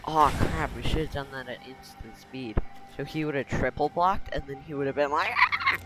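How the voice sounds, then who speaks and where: A man giving casual, joking commentary while playing a card game, sarcastic and quick to laugh at himself. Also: mid-range voice, over music. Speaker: gaming video host.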